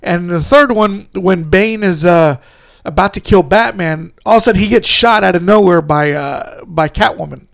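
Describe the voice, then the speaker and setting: A man with a high voice and a gravelly edge chats casually as a podcast co-host. He rambles, laughs often and slips into movie lines as he talks. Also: moderate pace, fairly bright tone, no room sound, clean studio sound. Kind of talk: casual chat.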